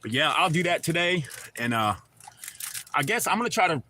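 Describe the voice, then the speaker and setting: Middle-aged man, Southern accent, rambling livestream chat, bright forceful tone, faint hum behind. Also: fairly high pitch, very animated, fairly quick. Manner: rambling, loose and folksy, with casual swearing. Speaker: livestream host. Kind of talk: casual livestream chat, reading viewer comments.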